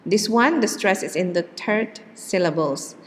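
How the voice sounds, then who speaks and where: A woman teaching English word stress, saying each model word slowly and deliberately between hesitant fillers. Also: mid-range voice, expressive, long reverb tail. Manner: slow, drawn-out model words with hesitant fillers. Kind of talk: pronunciation lesson.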